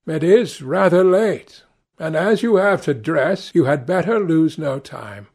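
A man's voice: on the high side, animated, unhurried, darkish tone, breathy edge, voice pushed up, full character voice. A man voicing an anxious, earnest painter who pleads sorrowfully. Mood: pleading.

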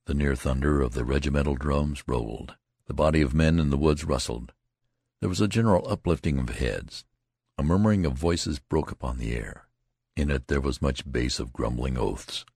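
A man reading a novel aloud in a measured, deliberate way, as scripted narration. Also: rumbling low, creaky, darkish tone, husky, dry recording, clean studio sound. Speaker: audiobook reader.

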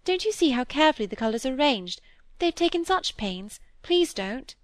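Shy, tender young woman voiced by a woman reader, soft pleading storybook voice, dry sound. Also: high-pitched, very animated, normal speed, no echo, pitched above the performer's own voice. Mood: gentle.

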